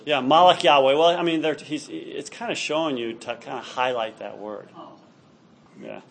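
A man's voice: mid-range voice, normal speed, vocal fry. A man teaching a class on Hebrew grammar, explaining patiently and checking in with students often. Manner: patient, explanatory, frequent "all right?" check-ins. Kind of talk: classroom lecture.

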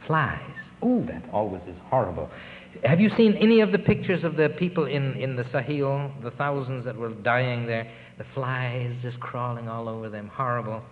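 A man's voice: mid-range voice, lively intonation, slight background noise. An older man, a relief worker, telling earnest, rambling stories of his work abroad in a recorded interview. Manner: rambling, earnest storytelling with pauses. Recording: tinny, lo-fi tape with long reverb.

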